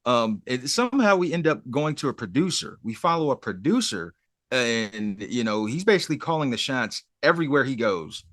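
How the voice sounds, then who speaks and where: A man's voice: mid-range voice, sing-song, normal speed, a bit bright, no echo, clean studio sound. A man co-hosting a podcast, casually retelling a TV episode and acting out the characters' lines. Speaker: podcast co-host. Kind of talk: casual chat recapping a TV episode.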